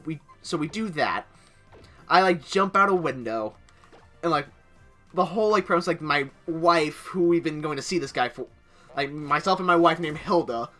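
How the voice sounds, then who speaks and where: A man's voice: on the high side, pushed and bright. A young man casually narrating over gameplay, rambling through a story with many filler words. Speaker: gaming channel host.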